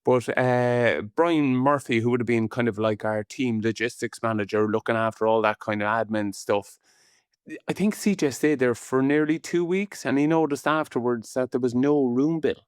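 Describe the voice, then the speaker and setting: Irish ex-player co-host, forties, chatty and rambling, dry booth sound. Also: male voice, mid-range voice, smooth, dry recording. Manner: chatty, rambling, with quick laughs and restarts. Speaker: co-host, former rugby player. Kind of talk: casual podcast chat.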